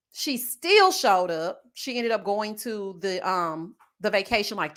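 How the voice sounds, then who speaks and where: A woman's voice: on the high side, a bit bright. A young woman from Houston, telling a personal story in a sassy, dramatic way. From Houston, Texas. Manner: sassy, dramatic, acts out quoted voices. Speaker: commentary channel host. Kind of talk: storytelling chat.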